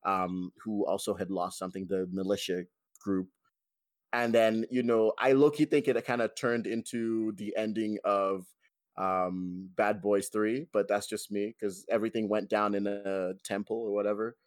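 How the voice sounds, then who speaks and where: A man's voice: lowish voice, flat delivery, moderate pace, no echo. A man hosting a casual film review podcast, rambling with many fillers and restarts. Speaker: podcast host.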